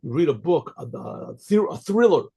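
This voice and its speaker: An older man, a rabbi, giving a Torah lecture, translating Hebrew phrases into English and pausing often to ask "right?". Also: a little high, sing-song, gravelly, mellow, slightly rough.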